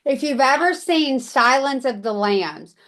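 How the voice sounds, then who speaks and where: A woman hosting a podcast who tells stories in an excitable, animated way. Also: high-pitched, a little slow. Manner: excitable, animated storytelling with big quoted outbursts. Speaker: podcast host. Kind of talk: casual chat.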